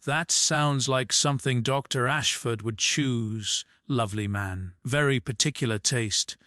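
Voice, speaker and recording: A man voicing a polite, obliging shop clerk with a warm voice and a Boston accent. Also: medium pitch, measured pace, no room sound, clean studio sound. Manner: polite, helpful.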